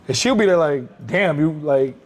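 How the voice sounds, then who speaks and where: A man's voice: fairly high pitch, expressive, moderate pace, darkish tone. A man chatting as a podcast guest, speaking candidly and reflectively and acting out quoted bits of conversation. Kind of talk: casual chat.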